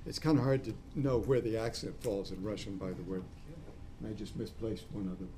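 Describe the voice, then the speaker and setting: A man lecturing a class in a discursive way, spelling out terms letter by letter and pausing with fillers. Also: fairly low pitch, dark tone, slight background noise.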